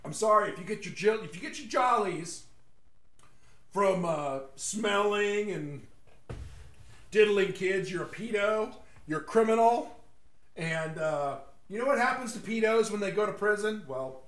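A man with a fairly high voice rambles through a casual, opinionated monologue. He mocks his targets and chuckles at his own jokes. His voice rings in an echoey room. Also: animated, measured pace, fairly bright tone. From West Texas.

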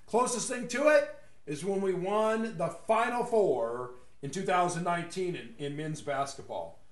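Speaking at a measured pace, this West Texan delivers a rambling, casual monologue full of opinions, his fairly high voice echoing around the room. He pokes fun at his targets and laughs at his own jokes.

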